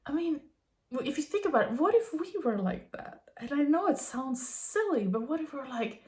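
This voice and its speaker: A woman in her thirties or forties muses in a gentle, earnest tone, pitched somewhat high. She drifts through fillers and soft laughs as she reflects. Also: very animated, normal speed. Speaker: vlogger. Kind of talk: reflective spiritual musing.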